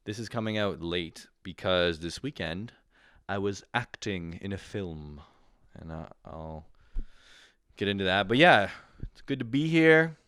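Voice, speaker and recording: A man hosts a comedy podcast, sweaty and tired after a run, swearing his way through a crude rant. His voice sits low and smooth, and the room sounds dry and close. Now and then he mocks people in shrill put-on voices. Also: no room sound. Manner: crude, loud, swings into high mocking voices.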